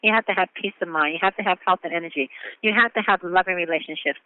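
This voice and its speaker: A man's voice: high-pitched, quick pace, smooth, no echo. A man hosting a motivational conference call, upbeat and encouraging in a sermon-like way. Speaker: host. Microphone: phone. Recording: phone line.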